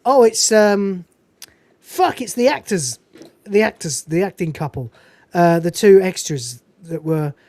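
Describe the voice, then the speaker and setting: Animated, foul-mouthed woman recapping a film. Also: lowish voice, measured pace, no room sound. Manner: animated, profane, digressive. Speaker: podcast host.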